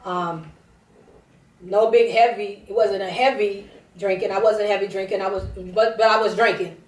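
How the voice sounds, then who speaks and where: A woman's voice: medium pitch, fairly even intonation, moderate pace, far from the mic. Woman, tearful testimony, rambling, roomy sound, off-mic. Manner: rambling, emotional storytelling with many restarts. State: teary. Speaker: prophetess broadcasting a service. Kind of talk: personal testimony.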